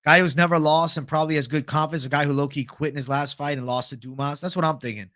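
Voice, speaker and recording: A man's voice: fairly high pitch, steady tone, fast, fairly bright tone, no echo, studio quality. A young man hosting a livestream, chatting casually about fight picks, swearing and reading out viewer comments. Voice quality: casual, profane, reads chat aloud. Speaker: MMA livestream host.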